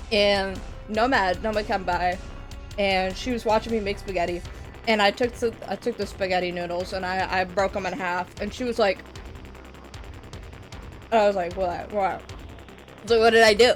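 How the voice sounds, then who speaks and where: A woman streamer chatting casually, rambling with lots of laughter and swearing. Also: mid-range voice. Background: metal music.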